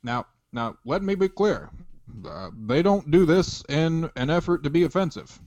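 A man's voice: on the high side, expressive, moderate pace, a little mellow, no echo, dull audio, natural voice. A man putting on a composed male politician making a statement, with careful, hesitant phrasing.

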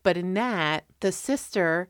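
A woman's voice: fairly low pitch, expressive, slow, clear, resonant tone, no room sound, clean studio sound. A woman co-hosting a podcast, chatting casually and rambling through sidebars about movies.

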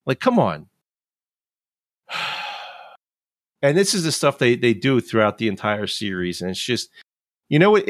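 A man's voice: medium pitch, fairly bright tone, no echo, clean studio sound. A man in his fifties, chatting casually and ranting in frustration, swearing freely. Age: 50s. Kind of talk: casual chat.

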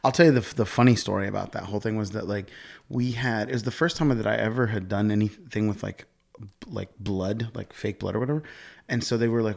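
Gravelly-voiced man telling animated stories. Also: on the low side, quick pace. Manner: animated storyteller, laughs often, many "like"s. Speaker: actor, podcast guest. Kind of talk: casual podcast chat.

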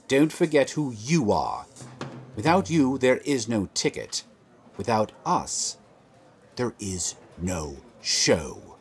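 A cutting theater producer. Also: male voice, fairly low pitch, a little hiss or hum, heavily acted. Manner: scolding, sharp and sarcastic. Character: stern adult male theater producer, proud and cutting. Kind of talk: audio drama acting.

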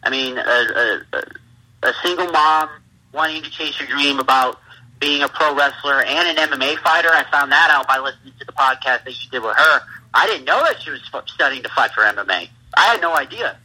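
Bright, husky wrestler on a phone line. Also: male voice, mid-range voice, brisk. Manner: rambling, laughs through his stories. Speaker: pro wrestler, interview guest. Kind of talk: casual interview talk.

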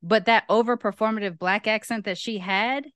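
Emphatic opinionated woman, smooth voice. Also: medium pitch, steady tone, moderate pace, fairly bright tone, no echo. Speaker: podcast guest. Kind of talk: casual podcast chat.

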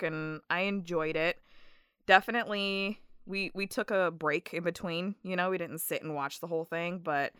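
A woman guest on a podcast, chatting casually and telling stories with animated, acted-out quotes. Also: lowish voice, clean tone, no echo, studio quality. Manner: animated storyteller, acts out quotes. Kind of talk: casual chat.

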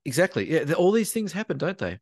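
Lively Australian man telling a story. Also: on the high side, fast talker, breathy edge, no room sound, studio quality. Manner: lively, animated anecdote telling. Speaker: podcast co-host. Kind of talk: casual chat, storytelling.

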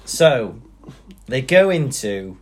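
A man's voice: mid-range voice, very animated, takes it slowly, darkish tone. A young Welsh-born man with a Manchester accent, co-hosting a casual podcast chat and telling stories with frequent laughs. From Wales. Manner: chatty, laughs often, storytelling. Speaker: podcast co-host.

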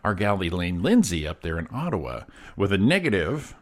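Male morning show co-host, low voice that swings widely, casual and upbeat. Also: brisk. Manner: upbeat, animated, laughs often. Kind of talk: casual chat.

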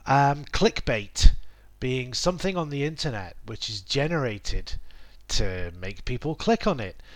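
A middle-aged man talks through a spoken lesson in his own relaxed, reflective way. He corrects himself often and wanders into small asides, filling pauses with "um." His voice sits at an ordinary middle pitch. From England. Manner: thoughtful, self-correcting, many "um"s and asides. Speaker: language podcast host.

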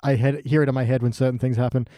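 A man's voice: medium pitch, level tone, racing, dark tone, no room sound. A man chatting as a podcast guest, recounting scenes and quoting lines. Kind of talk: casual chat.

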